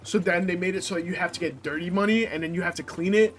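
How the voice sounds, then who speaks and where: A man's voice: high-pitched, fast, a bit bright. A young man chatting casually while streaming a game, rambling and swearing, with lots of filler words. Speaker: gameplay streamer. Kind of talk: casual chat while playing.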